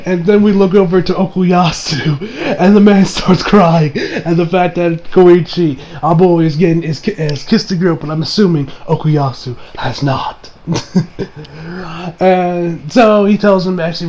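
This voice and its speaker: A man's voice: high-pitched, normal speed, darkish tone, slight background noise. A man casually recapping an anime episode, rambling with laughs and joking asides. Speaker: anime reviewer.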